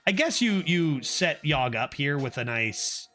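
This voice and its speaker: Animated bright-voiced man streaming a game. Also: fairly high pitch, unhurried, faint music behind. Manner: animated, self-mocking, exclaims and pleads at the game. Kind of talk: casual game commentary.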